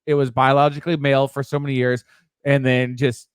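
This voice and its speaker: A man's voice: mid-range voice, little pitch movement, fairly quick, smooth, dry recording, studio quality. A man co-hosting a podcast, rambling and joking in casual chat. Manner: rambling, joking, restarts often.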